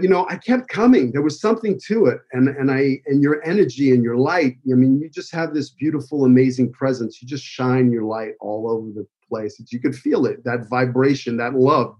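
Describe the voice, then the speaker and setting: A man's voice: mid-range voice, dark tone, muffled recording. A man with a New York accent giving an emotional, rambling tribute speech full of fillers. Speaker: acting school owner giving a tribute speech. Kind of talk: heartfelt personal speech.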